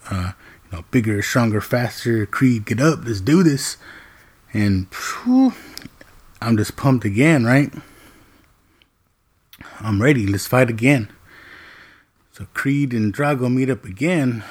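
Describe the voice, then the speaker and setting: A man casually recapping a movie plot in an animated, profane way, checking in with "right?" after nearly every point. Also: mid-range voice, husky. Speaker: movie reviewer.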